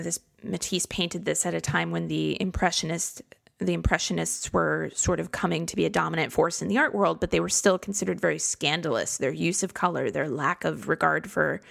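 A woman's voice: fairly low pitch, vocal fry, a bit bright. A woman hosting a podcast, talking in a chatty, reflective and self-deprecating way from a home studio. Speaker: podcast host. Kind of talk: casual solo podcast talk. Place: home studio in a converted garage.

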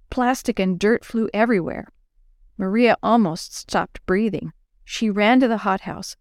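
Woman storyteller for kids, expressive, sing-song delivery, dry close sound. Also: medium pitch, normal speed, dry recording. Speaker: children's storyteller. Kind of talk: children's story reading.

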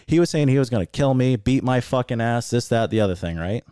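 A man's voice: medium pitch, animated, fast talker, mellow, smooth, dry recording, clean studio sound. Angry, profane man telling a story. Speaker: podcast co-host. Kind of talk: casual storytelling rant.

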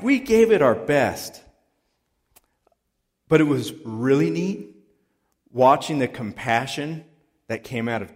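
A male pastor delivers his sermon like a chat with friends, slipping easily into stories from his week. His voice sits in the middle range and rings out with a long reverb from a church sanctuary. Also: medium pitch. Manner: conversational storytelling.

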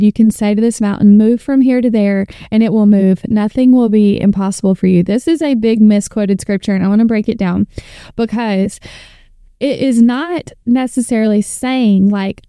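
Speaking into a close mic with no echo, this thirtysomething faith podcast host and author has a fairly high, mellow, smooth voice. She reads scripture fervently and earnestly, building up like a preacher.

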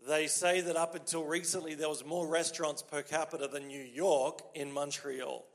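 Australian male pastor, lively and humorous sermon delivery, fairly high voice, big echoing church hall. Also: moderate pace. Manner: lively, joking, conversational preaching. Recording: long hall reverb.

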